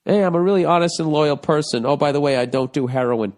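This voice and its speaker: A falsely innocent girlfriend, as a man mocks her, in a high, squeaky falsetto. She insists on her honesty far too eagerly. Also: fast, darkish tone, close to an everyday voice. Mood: mocking. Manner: high-pitched mocking falsetto.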